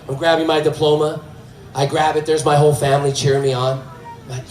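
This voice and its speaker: A male stand-up comedian tells a story in a high, animated voice. The sound is roomy, picked up from a distance on stage, with faint background noise. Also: fast talker. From United States. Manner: lively storytelling that switches into character voices.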